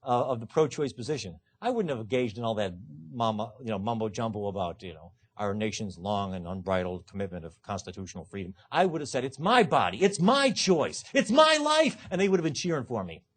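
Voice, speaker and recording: A man's voice: fairly low pitch, lively intonation, quick pace, few pauses, a little mellow, breathy edge. A man, a law professor, lecturing to a live audience in a punchy, emphatic way with dry self-mocking humor. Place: lecture hall.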